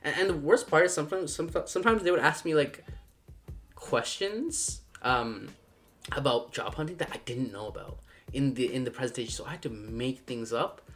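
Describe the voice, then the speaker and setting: A man's voice: medium pitch, animated, moderate pace, fairly bright tone, faint music behind. A young man casually telling a personal story, full of fillers like "like" and acting out voices in quotes. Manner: rambling, filler-heavy, acts out quoted dialogue.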